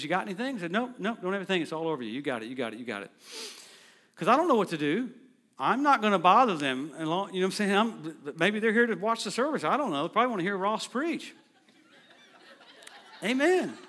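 Middle-aged preacher, high-pitched, animated anecdotal delivery with quick asides, church stage mic. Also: male voice. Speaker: guest preacher. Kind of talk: storytelling sermon. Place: church sanctuary.

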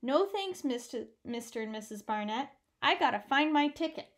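A woman's voice: sits high, lively intonation, moderate pace. A woman reading aloud voices an eager, polite young boy in a hurry to find his lost ticket.

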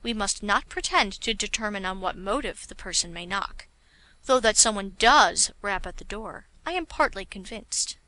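A woman's voice: medium pitch, animated, normal speed, bright, forceful tone. A woman narrator voicing a pedantic middle-aged father who speaks in a ponderous, overly formal way in a storybook. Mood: pompous.

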